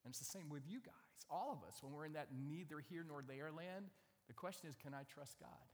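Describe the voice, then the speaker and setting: A pastor delivers a sermon in a fairly high voice, chatting with the audience and asking them questions. His words ring out with a long reverb in a large hall. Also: a little fast. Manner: conversational, asks the audience questions.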